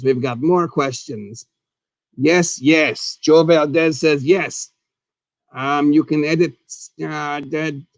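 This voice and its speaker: A man hosting a live puppet talk show as a goofy, chatty skeleton, rambling and excitable, and referring to himself in the third person. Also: on the high side, no room sound. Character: goofy skeleton host, male, chatty and silly. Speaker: host.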